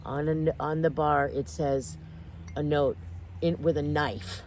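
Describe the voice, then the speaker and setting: A woman telling a personal story in casual podcast chat, animated and intense, restarting her sentences and near tears. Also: low voice, very noisy. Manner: animated, intense, self-interrupting, quick to tears. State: tearful. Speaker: guest.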